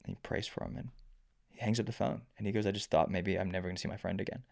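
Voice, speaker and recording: A man on a faith podcast, telling stories in casual chat, animated and rambling, full of restarts. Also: deep voice, racing, creaky.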